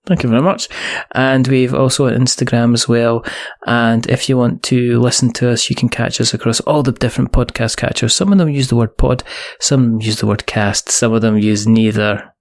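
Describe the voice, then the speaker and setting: A man's voice: mid-range voice, steady tone, fairly quick, few pauses. A man hosting a podcast, wrapping up with teasing, rambling jokes. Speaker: podcast host. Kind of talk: casual podcast chat and sign-off.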